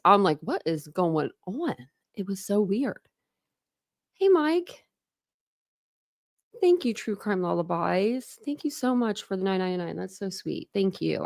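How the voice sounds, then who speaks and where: Gravelly-voiced woman chatting with viewers. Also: mid-range voice, dry recording, clean studio sound. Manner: chatty, greets viewers one by one; warm and grateful toward viewers. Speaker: livestream host. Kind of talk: casual live chat with viewers.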